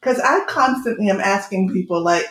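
A woman's voice: mid-range voice, animated, moderate pace, fairly bright tone. A woman chatting casually with her sisters, talking in short, direct sentences. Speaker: podcast co-host. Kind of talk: casual chat among sisters. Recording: echoey room with faint noise.

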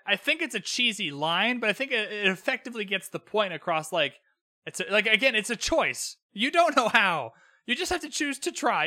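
A man's voice: high-pitched, bright, forceful tone, dry recording, studio quality. A young man hosting a podcast, recapping a TV episode in casual, sarcastic commentary and swearing freely. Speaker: podcast host. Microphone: own podcast microphone.

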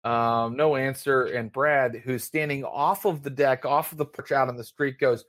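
A man's voice: mid-range voice, steady tone, normal speed, few pauses, a bit bright, no room sound, clean studio sound. A man narrating as game master in a tabletop role-playing game, with many fillers. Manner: rambling, filler-heavy narration.

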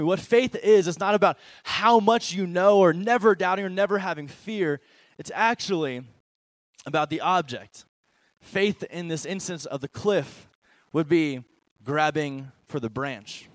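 A young man preaching to middle schoolers as a junior high pastor, conversational and animated, swinging between loud emphasis and quiet asides. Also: moderate pace, no echo.

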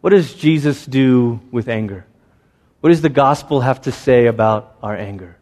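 A man's voice: medium pitch, moderate pace, a little mellow, in a large hall. A man preaching a sermon in a conversational way, acting out little voices as he goes. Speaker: pastor.

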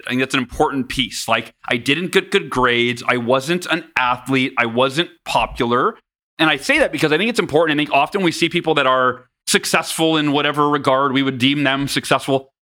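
Bright-voiced man telling stories. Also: medium pitch, fairly quick. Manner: animated, self-mocking, trails off quietly. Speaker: podcast guest. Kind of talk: candid personal storytelling.

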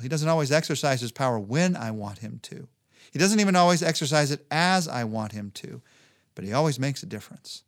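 A man preaching a sermon in an earnest way, lifting his voice for emphasis. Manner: earnest, rises in pitch for emphasis. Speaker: pastor.

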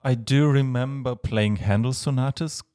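A man with a German accent, a Baroque violinist talking as a guest in a relaxed interview, hesitant with many fillers and light laughs. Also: mid-range voice, normal speed. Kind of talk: casual interview chat.

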